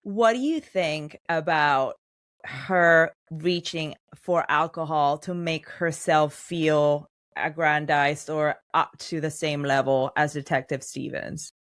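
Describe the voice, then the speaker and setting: A woman hosting a podcast, retelling scenes in a lively, chatty way and voicing the characters' lines as she goes. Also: low voice, slow. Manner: animated storytelling, acts out characters' lines. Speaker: podcast host. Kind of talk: casual podcast recap chat.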